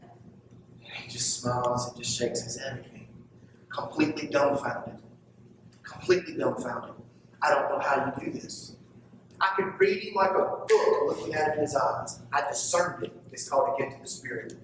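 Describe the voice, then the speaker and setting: A man preaching a sermon as pastor, swinging from loud emphatic lines to hushed asides. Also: medium pitch, moderate pace, a little hiss or hum. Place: church sanctuary. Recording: echoey church heard from far off.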